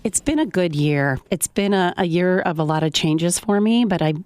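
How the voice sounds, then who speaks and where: A woman's voice: fairly low pitch, animated, normal speed, a little mellow, smooth, faint music behind. A woman guest who runs a coffee business, chatting on a radio show and explaining things at length. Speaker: coffee shop owner, guest. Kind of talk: casual radio chat. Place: radio studio.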